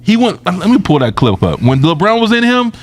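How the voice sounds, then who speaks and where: A man co-hosting a podcast, telling stories in slangy, animated casual chat. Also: sits high, fairly quick. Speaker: podcast co-host.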